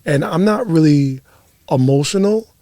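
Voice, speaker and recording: A man's voice: fairly high pitch, lively intonation, unhurried, warm tone, no echo, clean studio sound. A young man hosting a podcast, telling stories in casual chat with lots of laughter and swearing. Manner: profane, giggly storytelling. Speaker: podcast host.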